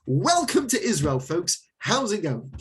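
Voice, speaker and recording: A male rabbi giving a Torah class in an animated, joking way, with frequent exclamations. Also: high voice, a little slow, breathy edge.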